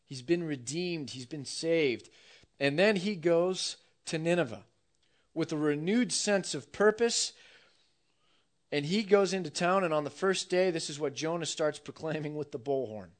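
Animated preaching man, fairly high voice. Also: a little slow. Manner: animated storytelling preacher, acts out quotes. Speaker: pastor. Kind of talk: sermon.

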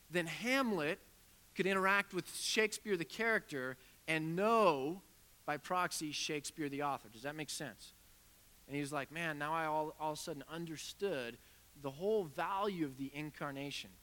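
A male pastor delivers a conversational sermon, retelling a conversation with lively back-and-forth. His voice sits a little high and sounds bright and forward. A long reverb trails behind him, as in a church sanctuary. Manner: conversational storytelling preacher, animated retelling of dialogue. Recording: reverberant hall.

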